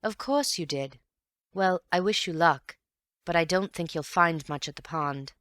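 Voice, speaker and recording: A woman doing a grave gentleman sleuth. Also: on the low side, no echo, studio quality. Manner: grave, measured, earnest. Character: calm, thoughtful gentleman detective.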